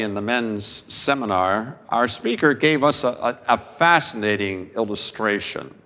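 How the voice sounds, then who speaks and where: A man preaching a sermon as a pastor, slow and deliberate, with dramatic pauses. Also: medium pitch, bright, forceful tone, big-room sound.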